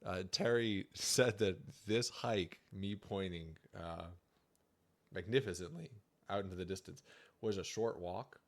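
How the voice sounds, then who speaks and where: A young man with a low, deep voice talks through a slideshow on a livestream. His delivery is chatty and jokey, loose and casual, with easy humor running throughout. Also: a little slow. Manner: jokey, chatty, laughs often. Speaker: student presenter livestreaming.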